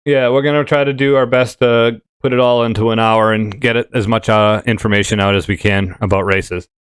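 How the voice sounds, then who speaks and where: A man's voice: fairly low pitch, steady tone, brisk, clear, resonant tone, no echo. A man hosting a casual tabletop gaming podcast, rambling with many fillers and restarts. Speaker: podcast host. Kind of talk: casual chat.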